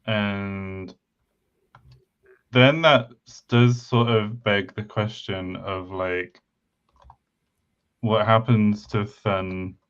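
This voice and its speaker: A man co-hosting a casual chat, speaking hesitantly with many pauses and fillers. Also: fairly low pitch, steady tone, a bit bright, smooth. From United Kingdom. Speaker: podcast co-host. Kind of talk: casual chat about language building. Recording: slightly dull lo-fi mic.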